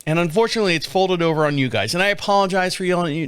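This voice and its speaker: A middle-aged man hosting a podcast, telling rambling, animated stories and putting on mocking voices in a casual monologue. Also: fairly high pitch, rapid-fire, smooth, dry recording. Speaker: podcast host. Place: home studio.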